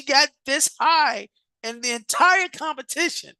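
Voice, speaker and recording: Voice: mid-range voice, a little slow, pushed and bright, dry recording. A coach hosting a live online show and announcing competition vote results with hype, often repeating words and restarting sentences.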